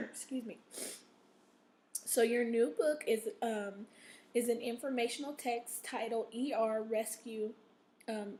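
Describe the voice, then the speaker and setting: A woman teacher giving a recorded reading lesson. Her voice is a little rough and she coughs now and then. She checks in with "okay?" after nearly every sentence and drags out the vocabulary words slowly. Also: a little high, a little hiss or hum. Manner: slow, drawn-out stress on vocabulary words.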